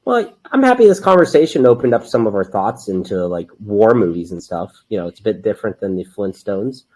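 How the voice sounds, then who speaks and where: A man's voice: fairly low pitch, sing-song, brisk, a little mellow. A young man co-hosting a casual film podcast, rambling and upbeat, often laughing. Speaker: podcast co-host. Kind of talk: casual film-review chat.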